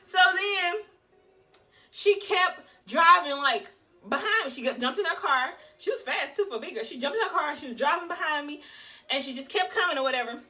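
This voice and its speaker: High bright girl vlogging a story time, chatty and animated, talks to y'all. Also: fairly quick. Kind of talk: casual storytelling to camera.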